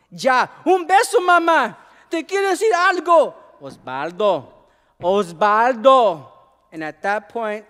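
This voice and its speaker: Poet performing live: a man with a smooth, resonant voice, emphatic, mixing in Spanish, hall reverb around him. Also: sits high. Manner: emphatic storytelling, laced with Spanish phrases. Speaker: poet and former teacher. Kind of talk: spoken-word performance. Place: live arts venue.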